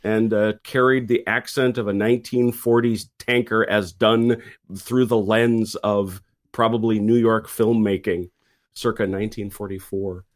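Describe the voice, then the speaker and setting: A man's voice: fairly low pitch, steady tone, measured pace. A man in casual podcast chat who tells a rambling story and often stops and restarts his phrases. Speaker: podcast panelist.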